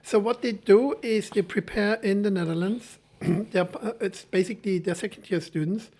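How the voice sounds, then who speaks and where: A man with a German accent speaks in a high, light register as a guest on a podcast. He talks haltingly, circling back and restarting his sentences, and often chuckles as he explains his work teaching film. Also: a little mellow. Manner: hesitant, many restarts, chuckles. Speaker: film school lecturer. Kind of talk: podcast interview.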